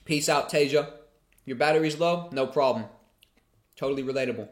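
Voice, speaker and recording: A man's voice: medium pitch, brisk. A man hosting a casual livestream Q&A. He reads chat questions aloud and answers them in a chatty way, swearing freely.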